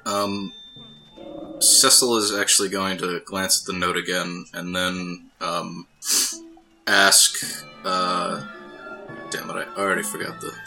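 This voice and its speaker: A man's voice: low voice, flat delivery, slow, gravelly, pauses often, sharp tone, faint music behind, rough recording. A man playing a tabletop game, asking playful in-character questions and cracking jokes. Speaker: player.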